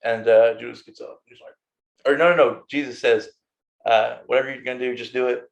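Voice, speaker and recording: A man's voice: medium pitch, steady tone, fairly quick, vocal fry, highs cut off. A young man co-hosting a casual Bible study podcast, retelling scenes playfully in slang and laughing often. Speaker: podcast co-host.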